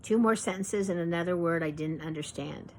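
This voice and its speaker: A woman with a lowish voice reads her memoir aloud at a measured, reflective pace. A faint hiss of noise sits under the voice throughout. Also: darkish tone, low-quality recording. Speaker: author reading her memoir. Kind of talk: memoir reading.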